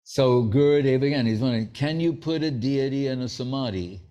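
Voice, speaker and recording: A man's voice: mid-range voice, a little fast, warm tone, lo-fi sound. A man giving an anecdotal sermon as a spiritual teacher, telling stories and acting out the dialogue of the people in them. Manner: storytelling, acting out quoted dialogue.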